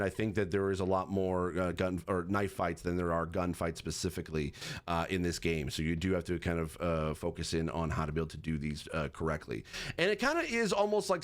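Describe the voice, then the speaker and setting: Rambling, low-voiced man reviewing a game. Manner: rambling with many fillers and restarts. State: has the hiccups. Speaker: gaming accessibility reviewer. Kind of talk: casual game commentary.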